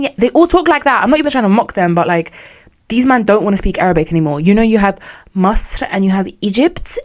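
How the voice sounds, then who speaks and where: A woman's voice: medium pitch, lively intonation, fast. A young British woman hosting a solo podcast, candid and chatty with a sarcastic streak. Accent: British English. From United Kingdom. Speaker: podcast host.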